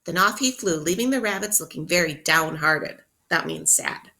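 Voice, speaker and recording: Gravelly-voiced teacher reading aloud to children. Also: female voice, deep voice, moderate pace, few pauses. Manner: expressive, asks children questions. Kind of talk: interactive read-aloud for children.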